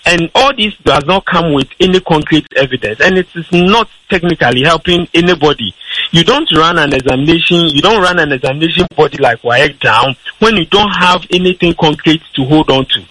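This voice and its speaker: Husky and sharp, this radio guest's fairly high voice comes out animated and a little fast over a rough recording. He's an adult with a school-age child who argues his side hard, stumbling into frequent restarts and filler words.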